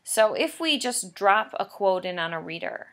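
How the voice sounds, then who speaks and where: A woman teacher walks through a recorded writing lesson, explaining each step patiently and hammering home key points by repeating them. Her voice sits at a middle pitch with a gravelly fry at the edges. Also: very animated, normal speed. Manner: patient, explanatory, emphatic repetition.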